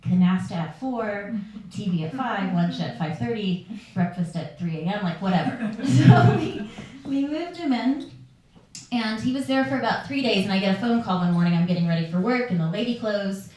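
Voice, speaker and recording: A woman's voice: medium pitch, lively intonation, normal speed, a little mellow. A woman telling a personal story live on stage, candid and darkly funny. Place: live performance venue. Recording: very echoey room from far off.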